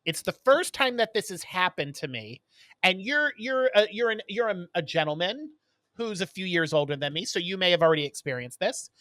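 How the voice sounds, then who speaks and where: A man co-hosting a podcast in casual chat, telling stories in an animated way and acting out what people said. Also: high-pitched, brisk, no echo. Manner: animated storyteller who acts out quotes. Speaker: podcast co-host.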